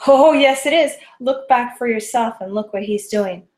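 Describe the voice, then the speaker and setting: A woman doing an excitable teasing guy friend. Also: on the high side, moderate pace, echoey room, natural voice. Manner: excited, teasing, breathless delivery.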